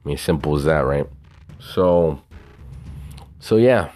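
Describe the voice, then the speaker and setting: A man with a Southern US twang talks through his own podcast in a loose, profane, bragging ramble. His voice sits extremely low, a deep bass rumble. Faint music plays underneath. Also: expressive, slow, a little mellow. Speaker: podcast host. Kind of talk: casual solo podcast talk.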